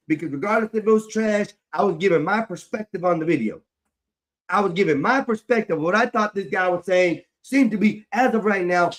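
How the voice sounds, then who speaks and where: A man with a fairly high voice rants into his livestream mic. He swears constantly, circles back over the same complaints and sounds fed up. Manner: swears heavily, repeats himself, frustrated. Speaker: livestream host. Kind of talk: angry livestream rant.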